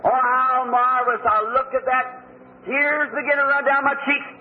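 Male preacher, very high-pitched, fervent and plain-spoken; tinny phone-like old recording. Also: level tone, moderate pace. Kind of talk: sermon.

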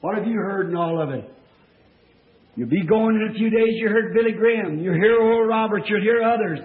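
A man preaching a fervent revival sermon to a church congregation, in folksy plain-spoken speech that swings from hushed tones to shouting. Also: high voice, brisk. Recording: echoey, dull old church tape.

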